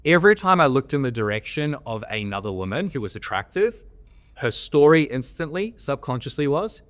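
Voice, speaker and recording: Very animated and brisk, his medium-pitched voice has a slight brightness. He's an Australian men's coach guesting on a podcast, sharing candid stories bluntly, in a coaching tone, with plenty of swearing.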